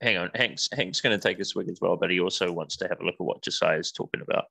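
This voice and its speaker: A man's voice: low voice, quick pace, creaky, bright, forceful tone. A man playing a tabletop game who speaks casually and hesitantly, often repeating words. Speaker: player.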